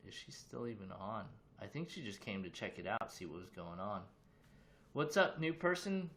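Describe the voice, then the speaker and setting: A man's voice: medium pitch, sing-song, moderate pace, vocal fry, a bit bright, slight background noise. A man casually hosting a livestream from his room, chatting loosely and greeting viewers with questions. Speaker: livestream host.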